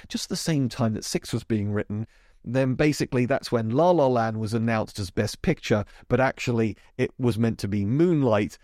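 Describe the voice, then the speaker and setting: A man's voice: mid-range voice, darkish tone, no room sound, clean studio sound. A man hosting a podcast, talking casually and emphatically about musicals with chatty asides. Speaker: podcast host. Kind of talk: casual chat monologue.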